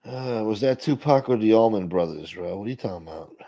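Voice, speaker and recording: A man's voice: brisk, mellow. A man hosting a casual livestream, muttering back to the comments his viewers type. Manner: mutters low, talks back to chat. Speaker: livestream host reading chat. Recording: dull lo-fi stream audio.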